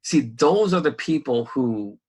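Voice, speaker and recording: A man co-hosting a casual podcast. He talks in a rambling, animated way, laughs often and swears now and then. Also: medium pitch, a little slow, husky. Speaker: podcast co-host.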